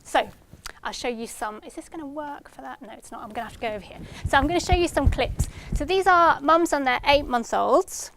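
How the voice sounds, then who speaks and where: A woman with a high-pitched, somewhat bright voice speaks briskly in a research talk for practitioners, a little hiss or hum underneath. She explains by giving examples and performs parents' lines in a lifted voice.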